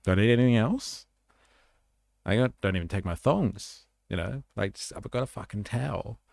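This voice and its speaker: A man's voice: on the low side, a little fast, creaky, darkish tone, no echo, clean studio sound. An Australian man hosting a livestream, rambling casually and swearing as he reacts to news. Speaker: livestream host. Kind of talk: casual commentary stream.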